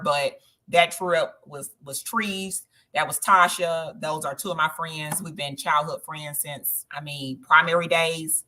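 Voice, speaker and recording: A woman's voice: sits low, sharp tone. A woman from Southern Georgia with a Southern accent, hosting a travel group livestream in a chatty, casual way, often checking in with viewers with "okay?". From Southern Georgia, USA. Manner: chatty, addresses viewers directly, frequent "okay?" tags.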